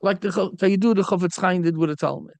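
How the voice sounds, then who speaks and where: High gravelly rabbi giving a lecture. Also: male voice, fast, no room sound. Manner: animated storytelling, acts out quoted speakers. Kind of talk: Torah lecture.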